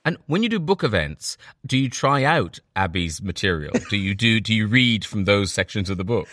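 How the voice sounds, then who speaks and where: A male podcast host asks his guest questions in a measured, friendly way. His pitch moves up and down a lot, and his voice sounds dry and close. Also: animated, fairly bright tone, no room sound. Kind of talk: interview questions.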